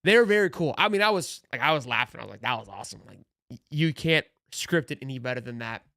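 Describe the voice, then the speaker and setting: A man hosting a casual sports show, telling stories in a rambling, excitable way with frequent laughs. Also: fairly high pitch, fast, no room sound, studio quality.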